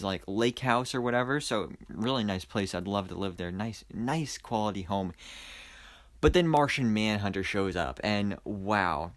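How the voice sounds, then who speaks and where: A young man giving a casual, enthusiastic movie review, rambling with lots of fillers and restarts. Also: lowish voice. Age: young adult. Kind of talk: casual spoiler review monologue.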